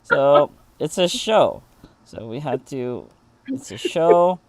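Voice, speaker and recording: A man hosting a livestream interview, talking casually with many pauses and filler words. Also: on the high side, sing-song, vocal fry, slight background noise. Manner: hesitant, lots of fillers and restarts, chatty. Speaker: interview host.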